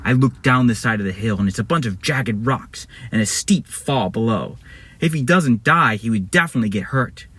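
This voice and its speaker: Husky animated male storyteller. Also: mid-range voice, moderate pace. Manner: animated, rambling, corrects himself mid-story. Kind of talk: casual spoken storytelling.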